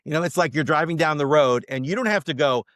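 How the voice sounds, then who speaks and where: A man speaking as a podcast guest, teaching mindset in an emphatic, animated motivational way. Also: a little high, fast, no echo, clean studio sound. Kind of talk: casual podcast interview.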